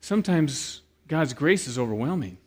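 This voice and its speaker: A man's voice: on the high side, moderate pace, breathy edge. Man preaching with acted-out stories. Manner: animated storyteller who acts out quoted voices, then turns quiet and earnest. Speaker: pastor. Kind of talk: sermon with storytelling.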